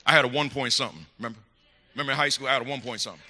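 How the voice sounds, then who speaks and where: A middle-aged man telling a story from the pulpit in a church, emphatic and animated, swinging to hushed asides. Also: mid-range voice, rapid-fire. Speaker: church speaker. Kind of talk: storytelling sermon. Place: church sanctuary. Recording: echoey hall.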